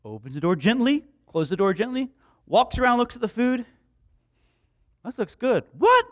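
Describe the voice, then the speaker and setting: A man's voice: very high voice, sing-song, a little fast, fairly bright tone. A man preaching a sermon in a conversational way, with joking asides to the congregation. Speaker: pastor.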